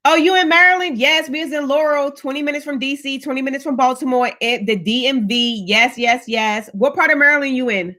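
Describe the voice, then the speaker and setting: A woman's voice: sits high, fairly even intonation, a little fast, hardly any pauses, pushed and bright. Chatty woman hosting a live stream. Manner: chatty, greets viewers by name, upbeat. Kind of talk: casual live-stream chat.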